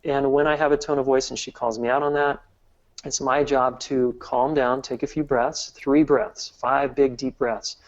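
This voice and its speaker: A man's voice: medium pitch, flat delivery, normal speed, highs cut off. A man guesting on a podcast interview, talking earnestly and explaining step by step with frequent restarts. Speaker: guest relationship expert. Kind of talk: casual interview talk.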